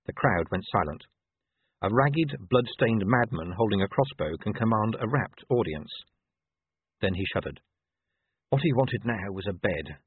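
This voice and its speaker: A man reads an audiobook in a measured, expressive voice with a lively pitch. His tone is husky. The sound is thin and dry, like a phone line. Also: dry recording. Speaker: audiobook narrator. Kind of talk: audiobook narration.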